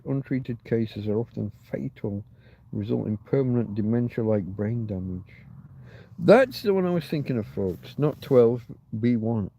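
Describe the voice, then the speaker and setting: A man's voice: mid-range voice, warm tone, highs cut off. A man hosting a casual livestream chat, rambling and thinking aloud, swearing now and then. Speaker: livestream host.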